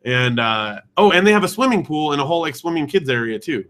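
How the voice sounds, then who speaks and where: Bright-voiced animated male storyteller. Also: a little high, quick pace. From California. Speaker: podcast co-host. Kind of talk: casual chat.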